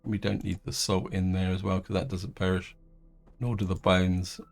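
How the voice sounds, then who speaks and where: A man's voice: deep voice, level tone, normal speed, vocal fry, a little hiss or hum. A man giving casual, rambling commentary while playing a space game, with frequent restarts and fillers. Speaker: gaming video host. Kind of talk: casual let's-play commentary.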